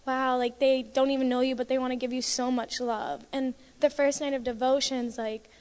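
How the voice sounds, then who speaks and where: A teenage girl with a high voice gives a church testimony, chatty and emotional, saying "like" often. Her words ring out with a long hall reverb. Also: level tone, normal speed, darkish tone, smooth. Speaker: mission trip member giving testimony. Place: church sanctuary.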